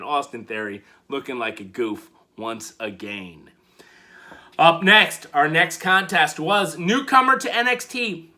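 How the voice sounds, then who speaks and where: A man casually recapping a wrestling show, animated and playful, acting out the quotes he retells. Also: a little high.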